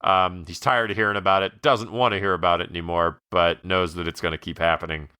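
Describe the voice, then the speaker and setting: A man with a very deep voice co-hosts a movie podcast, rambling cheerfully with plenty of ums. His tone is bright and forceful, and the sound is dry with no room in it. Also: fairly even intonation, quick pace, clear, resonant tone, no echo. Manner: enthusiastic, rambling, lots of fillers, laughs while quoting. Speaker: podcast co-host. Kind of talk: casual movie discussion podcast.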